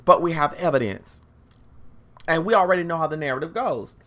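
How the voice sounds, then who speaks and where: A woman's voice: low voice, animated, brisk. A woman hosting a podcast, telling a story in a monologue and speaking emphatically and directly to her listeners. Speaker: podcast host.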